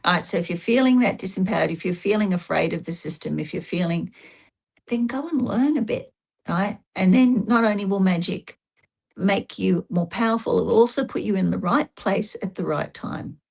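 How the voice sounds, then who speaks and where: A woman's voice: medium pitch, normal speed, gravelly, darkish tone. A woman interviewed as a guest, talking casually and giving emphatic, anecdotal advice.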